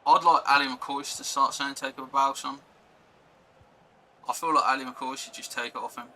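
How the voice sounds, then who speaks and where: A man's voice: mid-range voice, steady tone, fast, pushed and bright, slight background noise, low-quality recording. A young man chatting casually on a live stream, rambling and reacting to chat and gameplay.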